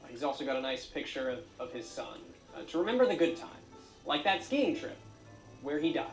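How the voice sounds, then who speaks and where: Deadpan man narrating a craft video. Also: on the high side, fairly quick, roomy sound, faint music behind, rough recording. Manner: deadpan, with frequent uh fillers. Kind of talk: dry comedic narration.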